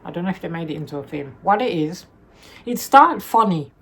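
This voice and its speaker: A woman's voice: on the low side, lively intonation, brisk, a bit bright, breathy edge. A woman chatting casually through a book review, rambling and correcting herself as she loosely retells the plot.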